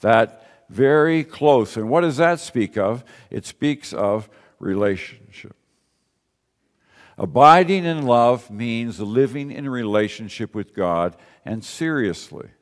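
A man's voice: medium pitch, expressive, slow. A man preaching a sermon in a conversational way, repeating key phrases and asking rhetorical questions. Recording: long reverb of a large hall.

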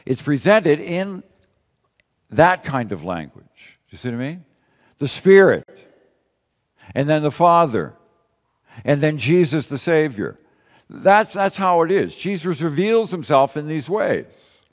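A man's voice: fairly high pitch, very animated, slow, long pauses. A man preaching a sermon in a conversational way, repeating key phrases and asking rhetorical questions. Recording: long reverb of a large hall.

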